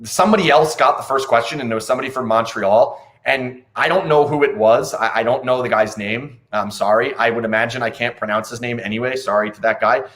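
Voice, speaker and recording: Blunt, animated male hockey commentator. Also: mid-range voice, fairly quick, hardly any pauses. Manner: blunt, animated, swears, incredulous. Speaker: hockey podcast host. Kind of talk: casual post-game analysis.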